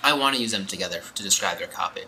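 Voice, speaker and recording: A man's voice: fairly low pitch, lively intonation, racing, bright, forceful tone, slight background noise, poor audio. A young man co-hosting a podcast, blunt and opinionated as he rants in casual chat. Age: young adult. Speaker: podcast co-host.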